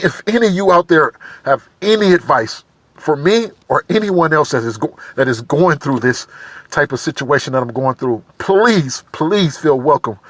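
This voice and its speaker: An emotional man speaks straight to camera in a halting, repetitive way, circling back to the same words. His voice sits a little high and has a bright, forceful edge. The sound is dry and close. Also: no room sound. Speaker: vlogger. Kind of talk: personal confessional monologue.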